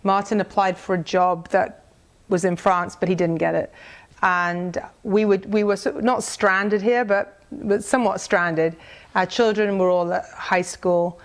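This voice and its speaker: A woman's voice: mid-range voice, fairly even intonation, unhurried. A middle-aged woman giving a conversational, earnest faith testimony to a church group, with frequent restarts. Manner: conversational, earnest, with many restarts and reading aloud a prayer. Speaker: speaker sharing a mission testimony.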